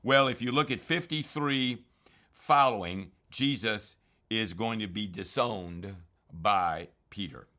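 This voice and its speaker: Emphatic man with a bright, forceful voice. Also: fairly low pitch, takes it slowly. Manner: earnest, emphatic, with frequent fillers and restarts. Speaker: Bible teacher. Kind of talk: informal scripture commentary.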